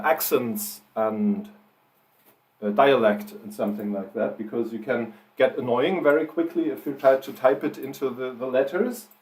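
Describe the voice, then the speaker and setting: A man's voice: mid-range voice, darkish tone, rough recording. A man on a live writing stream, dictating his story with punctuation spoken aloud and thinking aloud between sentences.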